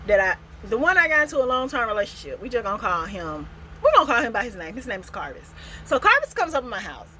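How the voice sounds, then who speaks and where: A woman vlogger telling a casual storytime in an animated, expressive way, laughing often. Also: a little high, fast talker, a little hiss or hum, poor audio.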